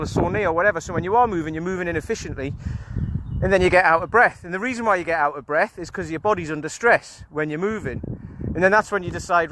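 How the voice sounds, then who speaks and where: A man with a notably high voice, a little winded as he walks outside. He rambles and repeats himself in a casual, chatty way. A faint hiss of background noise sits under his voice, picked up by a phone he holds in one hand. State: out of breath. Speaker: kettlebell coach. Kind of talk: casual walking vlog. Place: outdoors on a walk. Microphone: phone held in hand.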